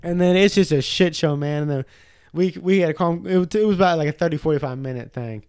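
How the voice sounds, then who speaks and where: Young male podcast co-host, lively storyteller, slightly high voice, dry close sound. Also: quick pace, clear, resonant tone, no room sound. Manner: animated storyteller, acts out quotes in high voices, swears a lot. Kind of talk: casual storytelling chat.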